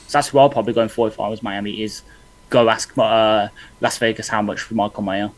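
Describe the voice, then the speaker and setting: A man's voice: fairly low pitch, flat delivery, brisk, rough recording. A man co-hosting a casual podcast, working through his points aloud with frequent restarts. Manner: loose, thinking-aloud analysis with restarts. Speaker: podcast co-host.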